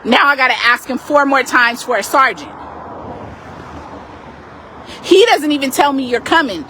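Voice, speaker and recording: High-voiced woman, emphatic street complaint. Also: a little fast, a little hiss or hum. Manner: emphatic, animated retelling. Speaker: community activist. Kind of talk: heated street complaint to police. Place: outdoors on a city street by a parked car.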